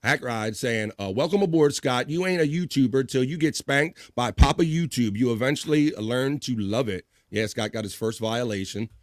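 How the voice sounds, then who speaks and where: A man hosting a live stream in casual chat, reading viewer messages aloud with upbeat, profane shout-outs. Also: medium pitch, moderate pace, few pauses.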